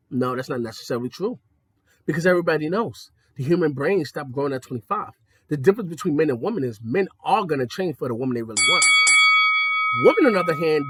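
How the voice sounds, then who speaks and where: In this clip a podcast host, a young man, tells a loose and profane story as a rant, his high pitch leaping between excited highs and low, mocking asides. His tone is bright, slightly husky, with a breathy edge, captured close and dry without any room sound.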